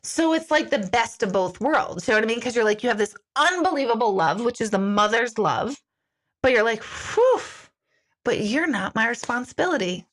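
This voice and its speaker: A middle-aged woman, a spiritual medium, chatting casually on a livestream and reading out viewer comments, animated and self-deprecating. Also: fairly high pitch, brisk. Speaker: spiritual medium hosting a live Q&A.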